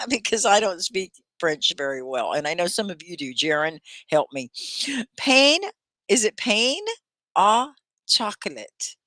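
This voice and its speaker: A woman's voice: medium pitch, dry recording. A woman from Texas, hosting a live online English class, gushing as she reads out viewers' comments. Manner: animated and gushing, reading viewers' comments aloud.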